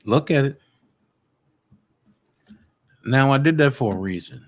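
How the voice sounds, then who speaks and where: A man's voice: medium pitch, animated, takes it slowly. A man giving casual livestream commentary, talking straight to his viewers and repeating his points with emphasis. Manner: emphatic, repeats points to drive them home; confrontational, talks straight to viewers. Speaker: online commentator.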